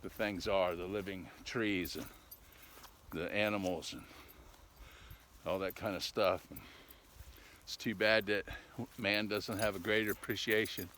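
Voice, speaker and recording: An older vlogger with a low, slightly bright voice, fairly even intonation and a measured pace rambles while walking his dogs on a country road. Chatty and folksy, he caps his lines with "eh?" and is a bit out of breath. The noisy outdoor recording picks up dogs and rural ambience.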